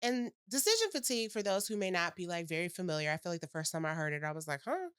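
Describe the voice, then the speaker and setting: A woman hosting a podcast in a casual, animated conversation, playful and self-mocking as she talks. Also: lowish voice, fast talker, clear, resonant tone, no echo, clean studio sound. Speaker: podcast host.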